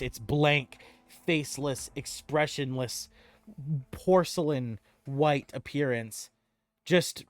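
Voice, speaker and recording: A man narrating a tabletop game as game master. He describes scenes in detail and often restarts his sentences. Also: a little high. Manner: descriptive with frequent restarts and laughter.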